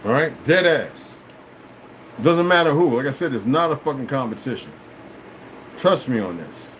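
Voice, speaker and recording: A man ranting on a livestream, cursing a lot and swinging between loud outbursts and low mutters. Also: expressive, normal speed, slight background noise, low-quality recording. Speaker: livestream host. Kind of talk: rambling livestream rant.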